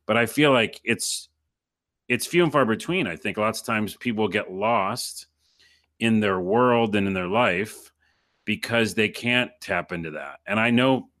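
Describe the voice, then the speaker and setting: A playful, animated man talks in a casual conversation. His voice is lowish in pitch but carries a crisp, bright edge. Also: measured pace.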